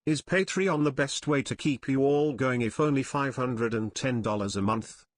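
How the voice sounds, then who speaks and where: A man's voice: mid-range voice, moderate pace, no room sound, studio quality. A male co-host on a live stream, reading viewer donations and messages aloud in a plain, matter-of-fact way.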